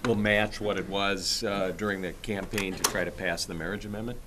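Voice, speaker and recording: A man's voice: lowish voice, fairly even intonation, brisk, background noise. A male reporter asking polite, probing questions at a press conference.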